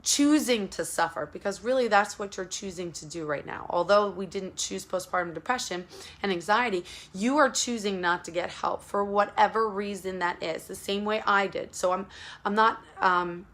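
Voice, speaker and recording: Woman coach, earnest, direct address, mid-pitched, plain casual delivery. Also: steady tone, normal speed, fairly bright tone. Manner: earnest, repetitive, speaks straight to the listener. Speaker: postpartum support coach. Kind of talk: casual direct-to-camera advice talk.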